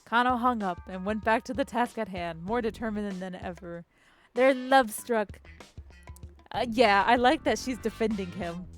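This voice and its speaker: A woman's voice: mid-range voice, normal speed, soft background music. Joking woman streamer reading a game aloud. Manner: joking, reacts and swears between narration lines. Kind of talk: live game playthrough read aloud.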